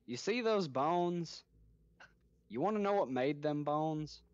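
A man playing a tabletop game, deliberate and wry. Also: a little high, lively intonation, clean tone, dry recording. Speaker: player. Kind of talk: tabletop role-play. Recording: dull lo-fi mic.

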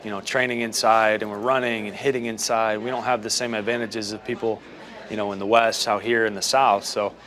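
A man's voice: on the low side, level tone, a bit bright. A young man from Western Massachusetts, a baseball player chatting casually over breakfast in a restaurant, easygoing and agreeable. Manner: easygoing, agreeable, quick to say yeah. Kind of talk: casual chat.

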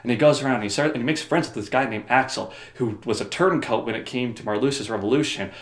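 A man's voice: mid-range voice, fast talker, roomy sound. A man summarizing a video game story for comedy, rambling with joking, sarcastic asides. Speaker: video host.

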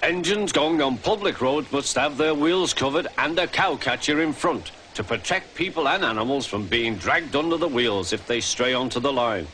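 A man's voice: medium pitch, expressive, normal speed, few pauses, pushed and bright, slight background noise, voice pushed up. A man voicing a stern, cross male police officer who splutters and snaps in an officious way, with music behind.

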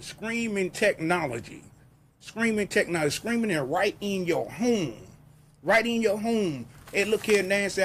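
A man hosting his own show, pushing a TV subscription in a hyped, repetitive live sales pitch. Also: a little hiss or hum. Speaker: host pitching a TV service.

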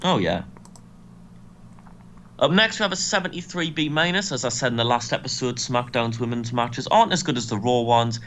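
A young man co-hosting a casual game commentary, briskly recapping match results with dry asides. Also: medium pitch, fairly bright tone, a little hiss or hum. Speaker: co-host and booker.

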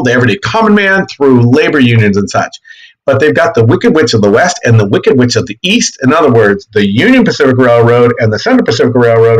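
In a rough recording, a mid-range male voice delivers a laid-back, lively history lesson to a class, peppering his explanations with quick asides and little voiced bits.

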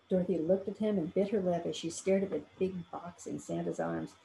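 A woman reading a children's story aloud, with gentle, measured storytelling. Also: fairly low pitch, steady tone, creaky, a little hiss or hum, rough recording. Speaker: story reader for a fan club.

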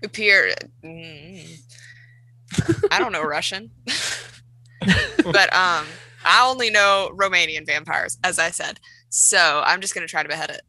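A woman's voice: lowish voice, expressive, slow, pauses often, pushed and bright, dry recording, poor audio. A woman playing a tabletop game, blunt and swearing, in casual chat. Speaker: player.

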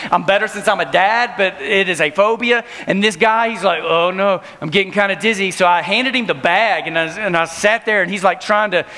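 A man in his thirties giving an energetic youth camp sermon, telling stories and acting out voices. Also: sits high, normal speed, hardly any pauses. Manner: storytelling, acts out voices, laughing. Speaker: camp speaker. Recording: reverberant hall.

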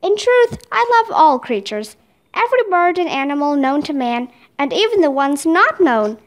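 A woman voicing a gentle, hearty old male genius who speaks kindly in a storybook reading. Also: high-pitched, very animated, normal speed.

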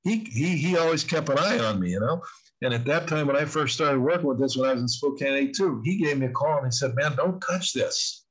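A man's voice: mid-range voice, quick pace, rough recording. A man in his sixties, a guest in an interview, talking earnestly and rambling with frequent restarts. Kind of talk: conversational interview talk.

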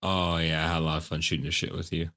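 A man's voice: very deep voice, level tone, fast talker, bright, forceful tone. A man chatting on a live stream as a guest, rambling and stumbling over repeated words. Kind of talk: casual chat on a live stream.

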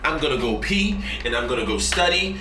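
A man's voice: medium pitch, animated, brisk, bright, forceful tone, slight background noise. A man playing an exasperated sick student. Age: young adult. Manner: exasperated, blunt. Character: sick, stressed young male student. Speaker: actor. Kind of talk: short film acting. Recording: roomy, distant mic, faint ambience.

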